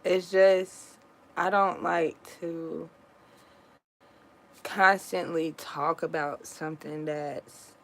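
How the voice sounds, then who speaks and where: A woman talking casually to her viewers in an earnest, comforting and reflective way, pausing often and restarting her sentences. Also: low voice, fairly even intonation, low-quality recording. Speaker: vlogger sharing a personal story.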